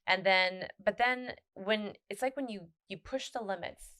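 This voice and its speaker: A woman hosting a casual podcast conversation, talking in rambling, animated bursts with frequent restarts and laughter. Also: medium pitch, a little slow. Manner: rambling, many restarts and fillers. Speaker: podcast host.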